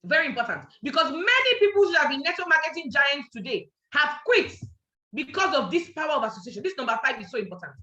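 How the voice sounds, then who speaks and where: A woman's voice: high-pitched, sing-song, fast, pushed and bright. A Nigerian woman giving a motivational network marketing training, emphatic and repeating her points as she checks that listeners are following. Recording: echoey, dull lo-fi sound.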